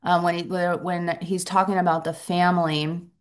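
Earnest, halting middle-aged woman sharing. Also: lowish voice, little pitch movement. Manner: halting, earnest, reflective, many pauses and restarts. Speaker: recovery group member sharing. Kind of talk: personal sharing at a support meeting.

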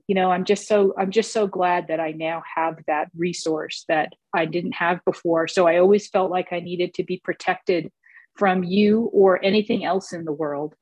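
A woman's voice: medium pitch, no echo. A woman sharing her story at a recovery meeting, hesitant, with many fillers and restarts. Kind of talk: personal share at a recovery meeting.

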